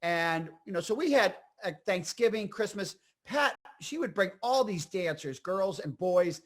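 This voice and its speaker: Animated high-voiced man telling stories. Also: a little slow. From Scranton, Pennsylvania. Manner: animated, rambling, full of fillers and asides. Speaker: guest, actor and comedian. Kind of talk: casual interview storytelling.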